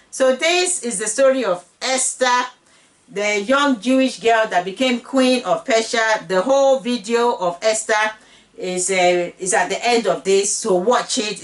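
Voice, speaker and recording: A woman's voice: on the high side, distant mic. A woman hosting her own channel, teaching a Bible story in an earnest, personal way and often repeating her phrases. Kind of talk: casual Bible teaching monologue.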